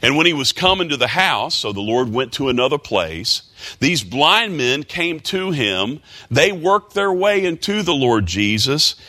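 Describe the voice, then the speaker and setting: A man leading a prayer and then preaching a sermon, rising to loud, high emphasis and reading scripture in old-fashioned wording. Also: big pitch swings, unhurried.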